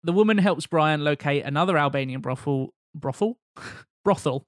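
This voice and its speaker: Male podcast co-host, somewhat higher voice, dry plot-recap delivery, close dead mic. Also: normal speed, no room sound. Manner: reads plot summary with dry asides. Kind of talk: casual movie recap chat.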